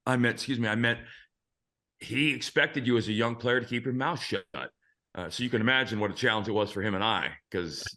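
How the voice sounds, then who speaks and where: Male host, 50s, ex-pitcher; bright, forceful tone; blunt, profane anecdotal storyteller. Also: brisk. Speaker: host, former big-league pitcher. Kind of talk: casual storytelling chat.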